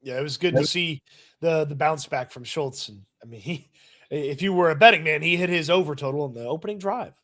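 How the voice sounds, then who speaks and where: A man co-hosting a casual football talk show, giving relaxed analysis with frequent restarts. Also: a little high, brisk. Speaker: sports show co-host.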